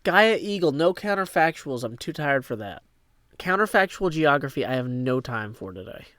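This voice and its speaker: A man's voice: fairly high pitch, big pitch swings, fairly bright tone, no echo. A man from Tennessee with a Southern twang, greeting viewers on a livestream in a playful tone and sliding into sing-song rhymes. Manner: slow, playful, drifts into sing-song rhyming verse. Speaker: livestreaming gamer. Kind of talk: casual livestream chat.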